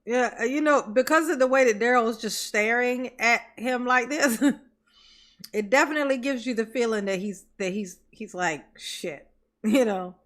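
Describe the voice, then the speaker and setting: A woman with a bright, fairly high voice talks over a clip in casual, sarcastic commentary. Her tone is mocking and teasing, and she often breaks into laughter. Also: moderate pace. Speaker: commentary streamer.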